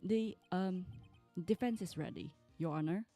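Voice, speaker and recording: A woman's voice: lowish voice, unhurried, warm tone, faint music behind. A woman voicing a nervous young male lawyer in a game, stammering through his lines. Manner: stammering and flustered.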